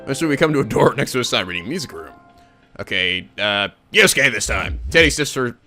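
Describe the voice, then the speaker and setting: A man hosting a let's play, reading the game's text aloud with animated, laughing asides. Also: medium pitch, a little fast, soft background music.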